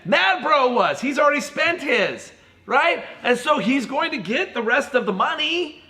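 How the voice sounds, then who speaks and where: A high, bright man's voice leading a kids' church lesson. He talks in an animated way and keeps calling the children "you guys". His tone stays clear and lively. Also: measured pace.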